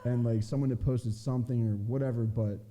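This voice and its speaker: A man's voice: medium pitch, steady tone, brisk, very noisy. A young man telling a story as a guest on a casual chat show, in a loose, laid-back way, full of fillers and swearing. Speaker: podcast guest, adult film performer.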